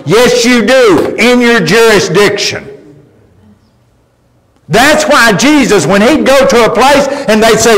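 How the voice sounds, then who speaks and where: A man's voice: extremely high pitch, expressive, slow, fairly bright tone. A male pastor preaching a sermon, telling folksy stories with emphatic delivery. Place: church sanctuary. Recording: long reverb of a church hall.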